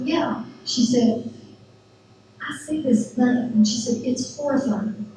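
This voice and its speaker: A middle-aged woman giving a church testimony, retelling events with lively quoted dialogue. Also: on the high side, recorded from a distance, a little hiss or hum. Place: church sanctuary. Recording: very echoey church hall from afar.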